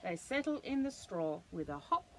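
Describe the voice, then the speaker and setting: Reading to her grandchild at bedtime, this older woman voices a picture book softly and expressively, throwing in playful animal sounds. She speaks at a normal speed in a lowish register with big swings in pitch, over some background noise.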